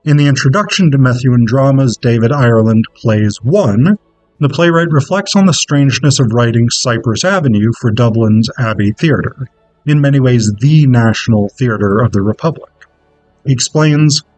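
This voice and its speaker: A man reads his academic conference paper aloud in an even, measured way. His voice sits at a middle pitch. The sound is dry and close, with faint music underneath. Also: no room sound, low-quality recording. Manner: measured, scripted delivery. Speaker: conference presenter.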